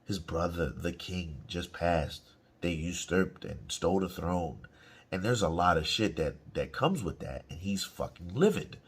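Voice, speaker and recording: Husky, low-voiced man ranting about a show. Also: measured pace. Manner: profane, slang-heavy, animated. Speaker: reaction channel host. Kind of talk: casual reaction commentary.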